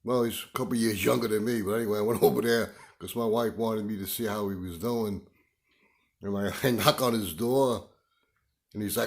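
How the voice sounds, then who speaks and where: An older man vlogging, telling a story in a rambling, halting way full of fillers. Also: lowish voice, fairly even intonation. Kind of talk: casual storytelling monologue.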